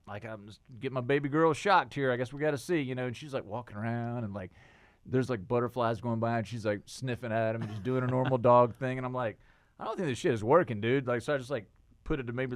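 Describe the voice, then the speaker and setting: Animated young man host, dry close mic. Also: medium pitch, clean tone, no echo. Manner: animated storyteller, slangy, laughs often. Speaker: podcast host. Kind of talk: casual interview chat.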